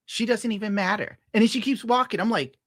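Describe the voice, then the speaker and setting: A man's voice: sits high, fairly quick, a bit bright, no echo, clean studio sound. A man streaming and reacting to clips in a crude, sarcastic, profane rant, laughing at his own jokes.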